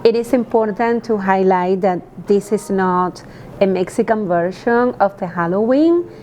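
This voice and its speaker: Teacher, earnest, pausing, low hum behind. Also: female voice, warm tone. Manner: earnest, hesitant with fillers. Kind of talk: explaining to camera.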